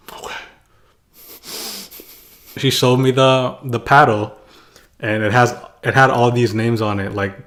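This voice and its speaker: A man's voice: lowish voice, a bit bright. A young man casually telling a childhood story to his viewers in a loose, rambling way, with lots of "like" and chuckles. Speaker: vlogger.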